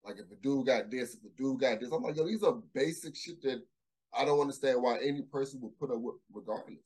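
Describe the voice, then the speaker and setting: A man in casual podcast chat, thinking out loud in a reflective, halting way. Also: mid-range voice, fairly even intonation, slightly rough, rough recording. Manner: reflective, halting, restarts his thoughts.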